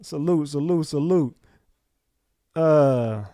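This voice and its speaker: A man's voice: on the high side, normal speed, a little mellow, no echo, clean studio sound. Slangy man hosting a livestream. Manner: loose, slangy, calls out chat names. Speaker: livestream host. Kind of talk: casual livestream chat with viewers.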